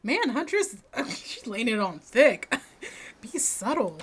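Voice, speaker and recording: A woman streamer casually commenting as she plays a game, playful, with quick jokes and frequent laughs. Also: fairly high pitch, sing-song, a little hiss or hum. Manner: playful, laughs often, jokey asides. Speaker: gaming streamer. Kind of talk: let's-play commentary.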